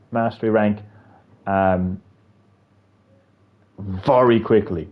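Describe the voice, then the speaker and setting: A man's voice: on the low side, narrow, tinny audio. A man with a heavy Irish accent chatting on a gaming livestream, rambling with restarts and casual swearing.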